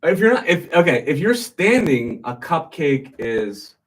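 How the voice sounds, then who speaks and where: A man's voice: fairly high pitch, sing-song, unhurried, far from the mic. A man in casual small talk who rambles, hesitates often and laughs. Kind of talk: casual chat.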